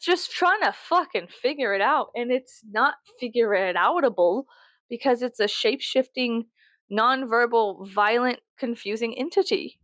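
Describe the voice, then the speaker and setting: A woman's voice: mid-range voice, a bit bright, dry recording. A woman, rambling casually to the camera in a profane, self-mocking way, laughing often. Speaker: vlogger.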